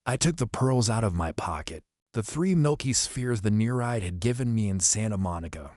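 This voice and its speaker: A man narrating an audiobook in the first person, in a steady, descriptive storytelling manner. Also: lowish voice, normal speed, no echo, clean studio sound.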